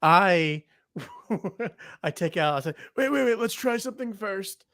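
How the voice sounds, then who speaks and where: A man playing in a comedy tabletop game, jokey and quick to shout out ideas. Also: high-pitched, animated, dry recording, studio quality. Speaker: player.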